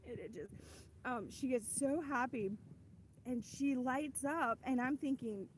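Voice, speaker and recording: A woman's voice: high-pitched, takes it slowly, slight background noise, poor audio. A woman telling her personal faith testimony in a casual, earnest way, rambling with many restarts. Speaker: ministry host giving a testimony.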